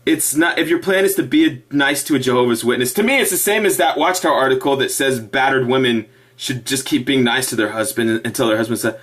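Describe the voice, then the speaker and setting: A middle-aged man ranting casually to camera about his past, animated and sarcastic, with laughing asides. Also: mid-range voice, quick pace, hardly any pauses. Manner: animated, laughing asides, mock-cheerful impressions. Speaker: ex-member giving opinions.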